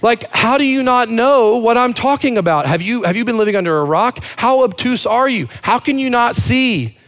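A man's voice: very high voice, lively intonation, normal speed, a bit bright, voice pushed up. A man voicing an exasperated, indignant male disciple who asks sarcastic, incredulous questions.

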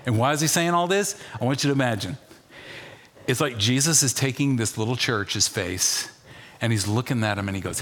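A man preaching a sermon as pastor, animated, dropping to a hush and rising loud, asking the congregation questions. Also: medium pitch, a little fast, slight background noise. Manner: animated, swings from hushed to loud.

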